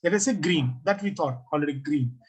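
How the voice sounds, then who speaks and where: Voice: medium pitch, expressive, fairly quick, slightly rough, poor audio. A design teacher giving an online class review, asking the class questions and reading out students' comments.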